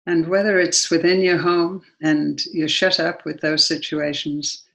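Gravelly-voiced Englishwoman telling a story. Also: low voice, a little slow, poor audio. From England. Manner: earnest, lively storyteller. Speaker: guest. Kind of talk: personal storytelling and prayer.

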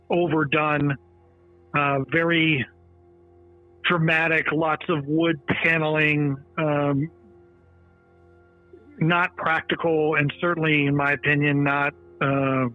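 A man who prosecuted a case, recalling a courtroom hearing in a measured, opinionated way with many fillers. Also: on the high side. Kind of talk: interview recollection. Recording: phone-line interview with faint music.

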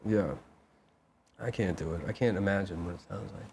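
Brief: deep-ish male co-host, deadpan mocking, faint background noise. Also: normal speed, vocal fry. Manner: dry, teasing, mocking. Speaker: podcast co-host. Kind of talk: casual comedic banter.

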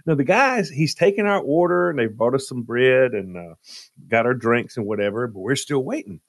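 A man's voice: mid-range voice, animated, normal speed, no room sound, clean studio sound. A man telling a comic story on a radio show, dramatic and exasperated as he relives it. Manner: dramatic, jumps into loud exasperated retellings.

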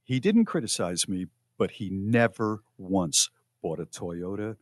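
A man hosting a radio show, chatting casually on a podcast as a relaxed, rambling storyteller. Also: deep voice, unhurried, no room sound, studio quality.

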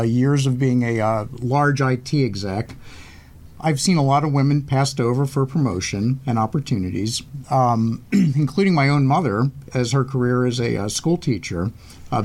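A man answers interview questions in a measured, halting way, clearing his throat now and then. His voice sits at an ordinary middle pitch for a man. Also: darkish tone. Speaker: podcast guest, venture capital CEO.

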